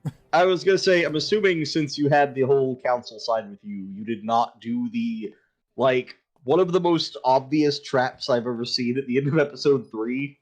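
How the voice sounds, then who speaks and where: A man's voice: mid-range voice, moderate pace. A man co-hosting a let's play stream, chatting casually and retelling stories with quoted asides. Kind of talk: casual gaming chat. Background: faint game music.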